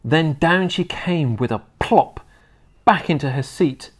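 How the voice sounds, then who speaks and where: A man reads a children's story aloud in an expressive storytelling voice. He takes his time over the words and lets his pitch rise and fall with plenty of life. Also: slow, slightly rough. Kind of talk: reading a children's book aloud.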